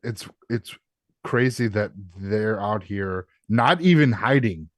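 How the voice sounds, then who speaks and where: A man with a lowish voice talks in fits and restarts, throwing in curses to drive points home. The sound is dry and close. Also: expressive, dry recording. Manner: halting, restarts, swears for emphasis. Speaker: podcast co-host. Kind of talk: casual podcast chat.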